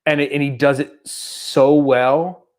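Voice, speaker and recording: A middle-aged man co-hosting a podcast in casual chat, telling stories with lively tangents. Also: mid-range voice, slow. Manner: animated storyteller, slips into mock accents. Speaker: podcast co-host.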